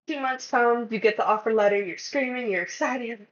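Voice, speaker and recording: A chatty woman speaks casually to her viewers, giving advice in a relaxed vlog. Her voice sits at a middling pitch, and the audio is a touch dull and lo-fi. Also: fairly quick, few pauses. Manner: chatty, acts out conversations. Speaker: vlogger.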